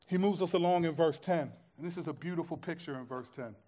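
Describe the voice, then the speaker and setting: A male pastor preaching with real passion, his voice sitting notably high for a man. He drops to near-hushed lines, then climbs to loud, ringing declarations, and he leans on repeated phrases to drive points home. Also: fast talker. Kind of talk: sermon.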